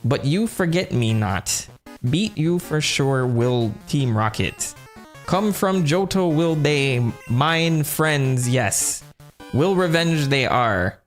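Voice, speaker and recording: Male gang crook in a game, raised pitch, slow halting delivery, backwards word order, put-on English-Jamaican accent, faint music behind, as a man reads him out. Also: expressive. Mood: scheming. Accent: put-on mix of English and Jamaican. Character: male Team Rocket grunt in broken, backwards English. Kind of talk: reading game dialogue aloud.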